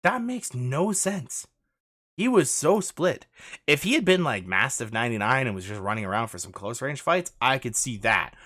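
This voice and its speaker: A man talks through gameplay footage as a coach, in a bright, forceful voice whose pitch jumps around a lot. He is urgent and insistent, repeating his instructions again and again. The recording is dry and close, with no room sound. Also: expressive, normal speed, dry recording. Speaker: gaming coach.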